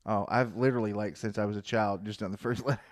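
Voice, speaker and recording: A man co-hosting a casual podcast, playful and jokey, quick to laugh. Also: fairly low pitch, fairly even intonation. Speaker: podcast co-host.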